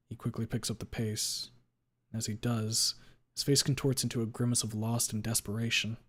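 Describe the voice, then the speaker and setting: A man streaming a first-person story read-aloud, who occasionally stops to reread a line he stumbled on. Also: mid-range voice.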